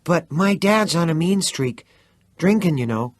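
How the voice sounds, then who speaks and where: A man's voice: fairly high pitch, animated, a little slow, dry recording, clean studio sound, voice pushed up. A man voicing a brash, tough young boy who talks bluntly and scoffs at his friends. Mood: scoffing.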